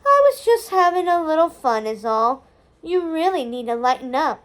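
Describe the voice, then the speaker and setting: A woman's voice: big pitch swings, moderate pace, fairly bright tone. A woman voicing a gleeful, mischievous middle-aged witch mother, gushing and giddy as she talks. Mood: defensive. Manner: gushing, giddy, high-spirited.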